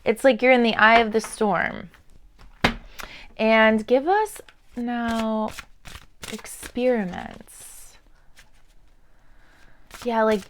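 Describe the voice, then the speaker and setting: A woman's voice: fairly high pitch, slight background noise. Chatty woman reading oracle cards. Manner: chatty, meandering, with fillers and laughs. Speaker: tarot and oracle card reader. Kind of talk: intuitive card reading to camera.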